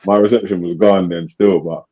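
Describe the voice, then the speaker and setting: Man, low dark voice, slangy rambling chat, dull lo-fi recording. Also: steady tone, moderate pace. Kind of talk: casual chat.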